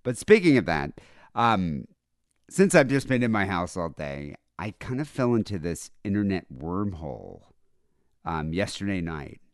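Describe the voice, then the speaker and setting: A man's voice: low voice, big pitch swings, measured pace, no echo, clean studio sound. A man co-hosting a comedy podcast from home, chatting casually in a rambling, irreverent way with lots of fillers. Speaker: podcast co-host.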